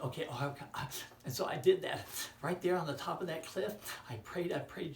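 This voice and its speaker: A man delivers a Christmas message to children, telling an animated story in which he acts out the dialogue and sometimes drops to a whisper. His voice is a little high and his pace is quick. He sounds far off in a roomy hall, with faint ambience and slight background noise.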